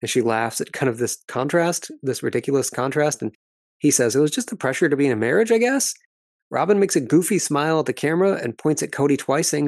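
A man hosting a podcast, recapping reality TV footage in a wry, measured, analytical way. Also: mid-range voice, a little mellow, dry recording, clean studio sound. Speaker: podcast host and commentator.

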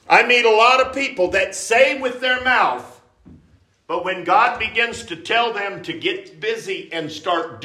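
A man preaching a revival sermon with emphasis and repetition, rising at times to sudden shouts. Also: sits high. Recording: roomy church echo.

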